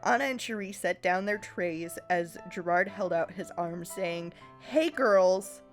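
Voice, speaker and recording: A woman co-hosting a comedy podcast, reading fanfic aloud and joking, animated and laughing often. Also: fairly low pitch, measured pace, soft background music. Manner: animated, laughs often, reads in quoted voices. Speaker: podcast co-host.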